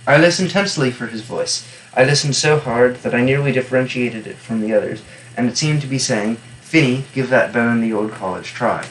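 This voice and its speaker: A man at an ordinary middle pitch reads a novel aloud, carrying the first-person narration evenly and without hurry, then breaking off for dry, offhand remarks on the text before returning to the story. The recording is rough, with a faint hiss beneath his voice.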